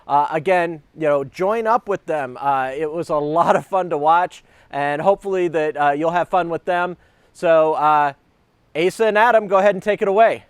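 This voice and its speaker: A studio host with a smooth, slightly high voice introduces the next segment, stopping often on filler sounds. The sound is dry and close. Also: male voice, moderate pace, dry recording. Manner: hesitant, with many filler sounds. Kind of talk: live broadcast announcement.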